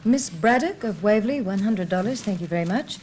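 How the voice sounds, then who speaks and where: A woman's voice: mid-range voice, animated, brisk, a little mellow, slight background noise. An Australian woman reading telethon donations steadily. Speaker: telethon presenter.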